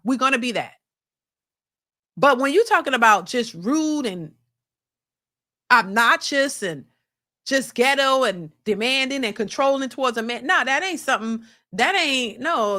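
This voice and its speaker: A woman's voice: a little high, bright, forceful tone. A woman host giving a blunt, opinionated commentary monologue to her viewers, full of casual slang and repeated points. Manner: blunt, preachy, addresses viewers as y'all. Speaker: reaction channel host.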